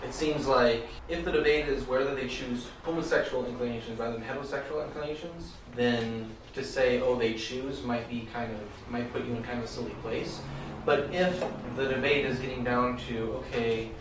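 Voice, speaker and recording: A man's voice: medium pitch, fairly quick. A man speaking up as a student in a class discussion, hesitant and full of fillers. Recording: distant mic in echoey room with noise.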